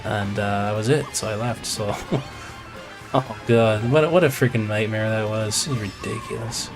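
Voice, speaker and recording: A man's voice: fairly low pitch, moderate pace. A man live-streaming a video game, chatting casually in a rambling, exasperated way with mild swearing. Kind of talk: casual chat while playing. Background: faint video game music.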